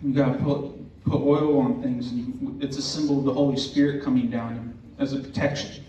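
Man, mellow voice, earnest storyteller, distant roomy recording. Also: medium pitch, level tone, slight background noise. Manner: earnest, unhurried storytelling with religious language. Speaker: host telling a personal story. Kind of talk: telling a true ghost story to an audience. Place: indoor event room. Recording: roomy, distant, dull recording with faint ambience.

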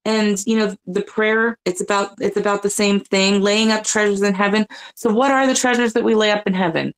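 Her mid-range voice is steady, clear and resonant, and she talks fairly quickly, though the recording is rough. As a panelist in a casual chat, she earnestly recounts her faith story, searching for words and frequently starting over.

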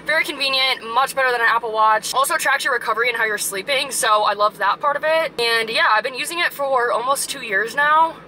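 A woman's voice: high voice, brisk, few pauses, pushed and bright, a little hiss or hum, poor audio. A young woman vlogging casually to camera after a workout, upbeat and chatty, saying "super" and "like" a lot. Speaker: fitness vlogger. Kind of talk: casual vlog talk to camera. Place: outside a gym and at home.

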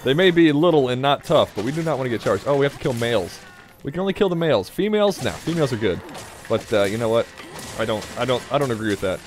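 A man's voice: medium pitch, lively intonation, fast talker. A man doing loose, chatty commentary over a video game in a middle-of-the-road voice. He laughs easily, teases the characters on screen, and drifts into offhand asides between bursts of action. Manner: jokey, rambling, talks to the game, laughs often. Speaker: let's play gamer. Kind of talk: gameplay commentary.

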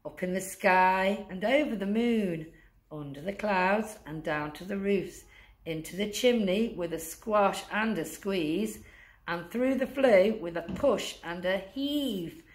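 A woman reading a rhyming picture book aloud for children. She takes it slowly and deliberately, leaning into the rhythm of each line, with a mid-range voice. Sound-effect words drop low and soft. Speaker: masked guest reader.

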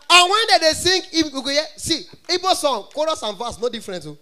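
A Nigerian-accented male comedian tells stories on stage in an animated way, often breaking into mock singing. His voice sits high for a man. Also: fast, few pauses. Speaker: stand-up comedian. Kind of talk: stand-up comedy in Pidgin.

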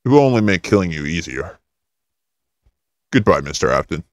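A man voicing a vengeful ghostly spirit who delivers slow, menacing threats. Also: low-pitched, big pitch swings, dry recording, voice pushed down.

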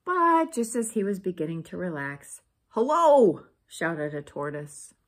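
A woman reading a children's picture book aloud, expressive and pointing out the pictures. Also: lowish voice, normal speed. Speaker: storybook reader.

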